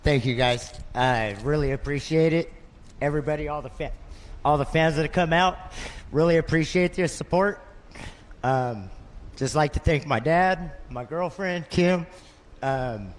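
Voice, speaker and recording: A man's voice: on the high side, in a large hall. A man who is a race car driver, talking casually and jokingly in a post-race interview. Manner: casual, joking, laughs easily. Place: outdoors at a race track.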